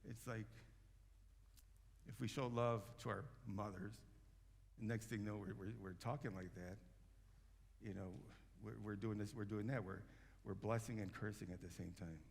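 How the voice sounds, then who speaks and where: A man's voice: lowish voice, fairly even intonation, moderate pace, gravelly, long pauses. A man preaching a sermon as pastor, talking in a loose, conversational way with frequent restarts and fillers. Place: church sanctuary. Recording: long church hall reverb.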